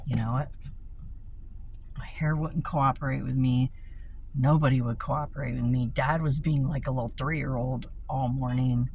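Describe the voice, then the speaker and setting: A woman's voice: rumbling low, steady tone, moderate pace, a little mellow, a little hiss or hum, low-quality recording. A tired middle-aged woman venting in a rambling, profane monologue from inside a car, recorded on a phone. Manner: rambling, profane, laughs between thoughts. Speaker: vlogger.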